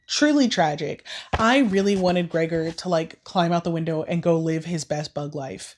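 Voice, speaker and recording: Woman with a scratchy voice doing a book rant, kinda low-pitched, swears a lot, flips into silly character voices. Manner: animated, profane, acts out characters in quick quoted voices. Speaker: book vlogger. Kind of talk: casual book recap and rant.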